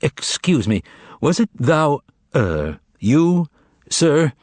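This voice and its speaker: A man's voice: a little high, sing-song, extremely slow, darkish tone, no echo, voice pushed up, heavily acted. A man voicing a weary, timid male writer who speaks hesitantly and tenderly.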